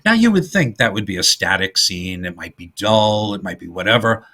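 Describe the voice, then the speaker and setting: Middle-aged male podcast co-host, bright and husky, lively storyteller. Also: fairly low pitch, moderate pace. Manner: animated retelling, acts out quoted lines in funny voices. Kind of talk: casual film discussion.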